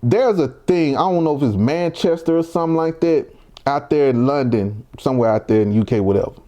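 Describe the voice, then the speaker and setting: A man's voice: medium pitch, animated, brisk, dark tone, muffled recording. A young man from Mississippi, giving heated, provocative reaction commentary full of rhetorical questions. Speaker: commentary vlogger.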